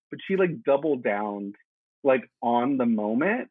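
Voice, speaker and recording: A man chatting as a guest, animated and laughing, with lots of "like" in his speech. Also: medium pitch, unhurried, breathy edge, dry recording. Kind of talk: casual podcast chat. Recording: tinny phone-like line.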